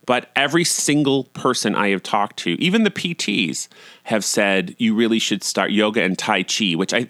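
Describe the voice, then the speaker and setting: A middle-aged man hosting a podcast, telling a personal story in a candid, self-deprecating way and getting animated when he acts out scenes. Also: lowish voice, dry recording, studio quality. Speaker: podcast host.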